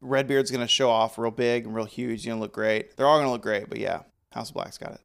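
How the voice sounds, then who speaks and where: A man's voice: mid-range voice, fairly even intonation, fast talker, vocal fry, clean tone. A man co-hosting a podcast in casual chat, joking and rambling as he lists upcoming matches. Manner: joking, rambling, trails off and restarts. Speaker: podcast co-host. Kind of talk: casual chat predicting wrestling results.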